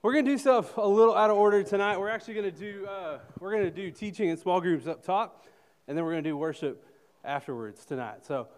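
A man, a youth pastor giving energetic announcements to a youth group while out of breath. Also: high voice, quick pace. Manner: energetic, joking with the crowd. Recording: echoey hall.

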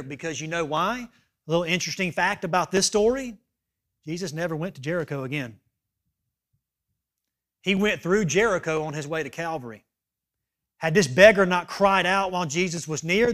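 A male pastor preaching a sermon, emphatic, dropping to hushed asides and rising to loud appeals, often checking in with "okay?". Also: sits high.

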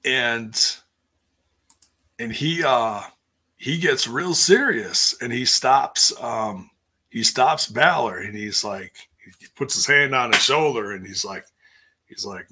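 A man's voice: medium pitch, animated, takes it slowly, pushed and bright, husky. A man hosting a casual live stream, rambling through a recap with lots of fillers and restarts while reading viewer comments. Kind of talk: casual chat.

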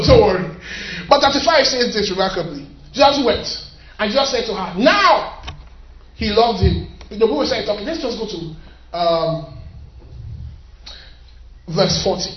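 A man preaching a sermon, emphatic, repeating phrases and shouting at the peaks while reading scripture aloud. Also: extremely high pitch. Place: church hall. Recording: echoey hall, distant mic, dull sound.

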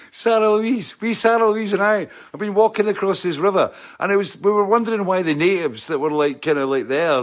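A man with a Scottish accent telling a rambling anecdote, often checking in with "right?" and mimicking sounds with his mouth. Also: on the high side.

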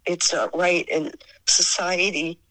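A woman in her sixties with a Boston accent, a singer telling stories as an interview guest, sentimental and quick to laugh. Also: on the low side, steady tone, a bit bright, rough recording. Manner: laughs often, sentimental, sarcastic wit. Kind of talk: emotional storytelling.

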